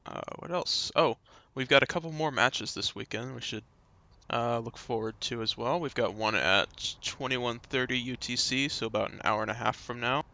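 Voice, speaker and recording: A man casting a live esports match, giving relaxed analysis and schedule notes. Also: medium pitch, normal speed, vocal fry. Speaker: esports caster.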